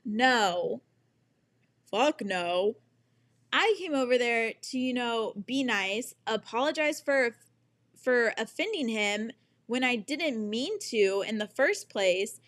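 A young woman recounts a story at an unhurried pace, her voice sitting a little high. She sounds exasperated and swears freely, slipping into the voices of the people she quotes. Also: fairly bright tone. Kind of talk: casual storytime monologue.

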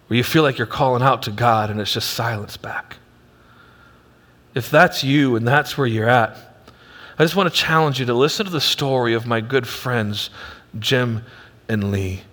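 A male pastor preaching a sermon with emphatic delivery that swings from loud to hushed, in a church auditorium. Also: mid-range voice. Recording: long hall reverb.

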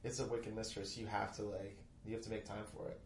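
A man talking casually as a podcast guest, an animated storyteller. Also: lowish voice, fairly quick. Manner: animated storyteller, loud put-on family voices. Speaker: podcast guest, comedy writer. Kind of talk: casual chat. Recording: echoey room, faint noise.

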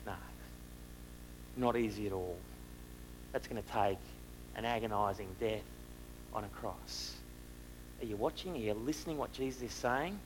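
A man preaching a sermon, asking the listeners rhetorical questions and moving between loud and hushed delivery. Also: fairly low pitch, moderate pace, long pauses, background noise.

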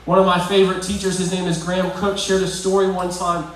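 A man's voice: sits high, level tone, fairly quick, a little hiss or hum. A man preaching a conversational, provoking sermon to young people, often asking the crowd questions. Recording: very echoey hall, voice from far off.

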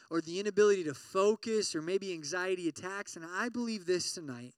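A man preaching to college students, animated, asking the crowd questions and acting out worried inner voices. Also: high-pitched, clear, resonant tone, no echo, far from the mic. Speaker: pastor.

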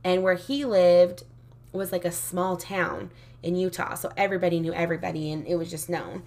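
A woman's voice: lowish voice, steady tone, normal speed, vocal fry, darkish tone. A woman telling a painful personal story in casual, candid speech, full of "like" fillers. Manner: frequent "like" fillers, candid and emotional.

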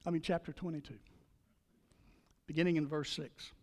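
A man's voice: on the high side, fairly even intonation, moderate pace, a little mellow. An older man preaching a sermon as pastor, retelling scripture with dramatic emphasis. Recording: long reverb of a large hall.

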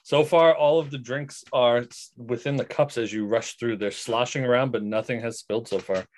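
A man narrating as game master of a tabletop game, relaxed with many fillers. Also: mid-range voice, moderate pace, dry recording.

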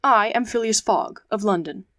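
Composed english gentleman traveller, a woman reading, calm even questions, dry close sound, audiobook. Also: medium pitch, normal speed, dry recording, lightly acted.

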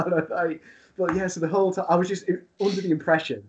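A man telling an animated story as a wrestler guest on a talk show, laughing as he goes. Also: sits high, fast talker, slight background noise. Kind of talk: casual storytelling.

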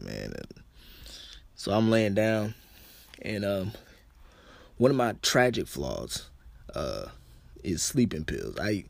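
Low-voiced young man telling a story. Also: dry recording. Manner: casual, slangy, loose with many "like" fillers. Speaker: vlogger. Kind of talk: candid personal storytelling.

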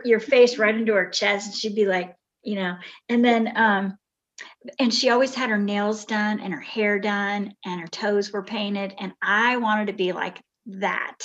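Older woman rambling through memories, lo-fi. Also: medium pitch. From Bay Area, California. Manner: rambling, warm reminiscing with restarts. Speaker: podcast guest. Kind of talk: casual storytelling.

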